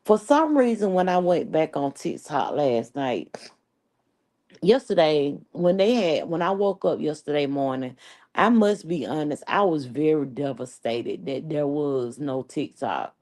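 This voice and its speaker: A woman's voice: low-pitched, lively intonation, unhurried, darkish tone. A woman from New York with a New York accent, hosting a casual live chat in a brash, chatty and profane way. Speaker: live stream host.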